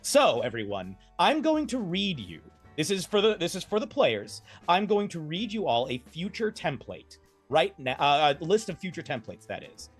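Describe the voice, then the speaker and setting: A man's voice: fairly high pitch, big pitch swings, moderate pace, hardly any pauses, husky, soft background music. A man acting as game master, introducing a tabletop game with enthusiastic, playful emphasis.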